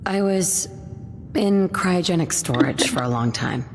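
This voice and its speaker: An actress voicing a composed woman survivor recently woken from cryosleep, speaking calmly as the game's protagonist. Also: on the low side, a little slow, over music. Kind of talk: game protagonist dialogue. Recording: game audio with long reverb, steady hiss.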